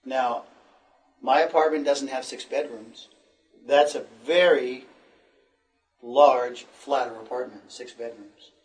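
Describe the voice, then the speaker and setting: A man's voice: medium pitch, slow, pauses often, distant mic, faint music behind, poor audio. A middle-aged American man teaching an English lesson, patiently repeating phrases for the learners. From United States. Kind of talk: classroom lesson.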